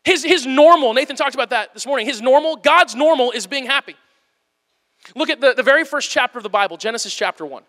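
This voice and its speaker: Male preacher, very high and bright voice, animated, casual delivery, long hall reverb. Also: fast talker. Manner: animated, plain-spoken, playfully acts out quotes. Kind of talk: conversational sermon.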